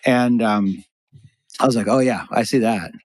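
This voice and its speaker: A man's voice: medium pitch, unhurried, darkish tone. Man telling rambling stories on a podcast. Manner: rambling, self-interrupting storyteller. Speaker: podcast host. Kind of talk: casual podcast conversation.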